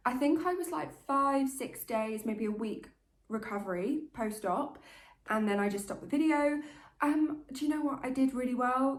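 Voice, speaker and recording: This vlogger's mid-range voice echoes around the room as she talks openly to camera. She keeps it casual and chatty, candid like she's with her closest friend.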